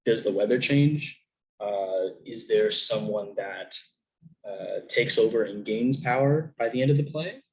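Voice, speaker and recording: A man's voice: on the low side, low-quality recording. A young man giving a recorded virtual lesson in a casual way, with lots of ums, restarts and questions to the class. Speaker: student teacher.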